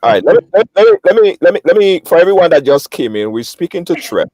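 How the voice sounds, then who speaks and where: Dry, lively male talk host. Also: a little high, fast talker, no echo. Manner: recaps for listeners, repeats himself when cutting in. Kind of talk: live call-in show hosting.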